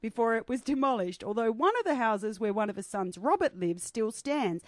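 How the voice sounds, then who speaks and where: A woman guest narrating a ghost story for a comedy radio show, lively and often laughing. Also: on the high side, normal speed, no room sound, clean studio sound.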